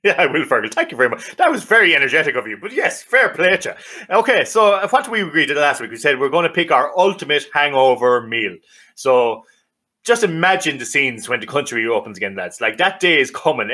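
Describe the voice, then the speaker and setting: Boisterous Irish man with a bright voice. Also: medium pitch, very animated, a little fast. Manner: boisterous, swearing, laughs often. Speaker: podcast co-host. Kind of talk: casual banter.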